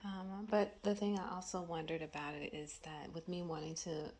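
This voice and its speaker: Woman home vlogger, low-pitched and soft, half-whispered musings on a phone camera in her bedroom. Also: little pitch movement, moderate pace. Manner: rambling, many ums and trailing thoughts. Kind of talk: casual thinking-aloud vlog.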